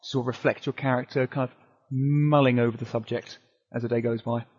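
A man's voice: mid-range voice, fairly even intonation, fairly quick, a little mellow. A man running a tabletop game as game master, joking and laughing often. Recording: muffled lo-fi audio.

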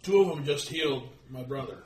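A man speaking in character during a tabletop game in a gruff, plain-spoken, folksy way. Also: mid-range voice, fairly quick, distant mic, crowd noise. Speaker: player. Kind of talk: in-character tabletop role-play. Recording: echoey room, away from the mic, background noise.

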